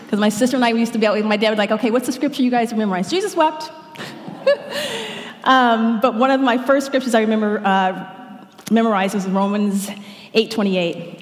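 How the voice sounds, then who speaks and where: A woman giving an earnest sermon, acting out little inner voices with sudden pitch jumps. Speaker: preacher. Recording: echoey hall reverb.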